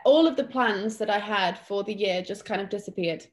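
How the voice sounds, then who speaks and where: A young woman from England chats as a guest in a casual interview, her mid-range voice moving at a moderate pace. She's talkative, sprinkling in fillers and frequently restarting her sentences.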